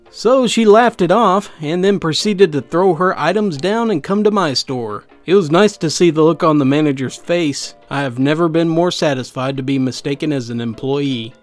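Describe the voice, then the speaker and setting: A man's voice: a little high, normal speed, hardly any pauses. Wry man reading stories over music. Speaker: host reading online stories. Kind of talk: scripted narration. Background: faint background music.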